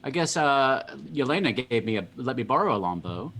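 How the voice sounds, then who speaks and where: A man's voice: mid-range voice, sing-song, fairly quick, a bit bright. A man playing a tabletop game, chatting hesitantly with lots of fillers. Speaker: player.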